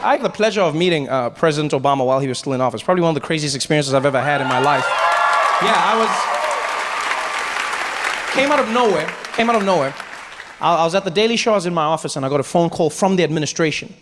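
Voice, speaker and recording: Over a noisy crowd, a South African comic speaks very fast in a slightly high voice during a stand-up set on stage in a large hall. He animatedly tells stories and acts out voices, with live hall reverb and audience noise in the recording.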